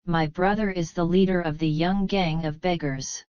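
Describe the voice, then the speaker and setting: A woman's voice: fairly low pitch, steady tone, normal speed, a little mellow, smooth, dry recording, close to an everyday voice. A woman reading the lines of a tearful, lonely young heroine in a plain storybook voice. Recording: slightly dull, muffled.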